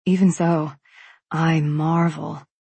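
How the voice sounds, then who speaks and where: A woman narrating a first-person fantasy novel in a calm, reflective way. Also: low voice, slow, vocal fry, slightly rough, no room sound. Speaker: audiobook narrator.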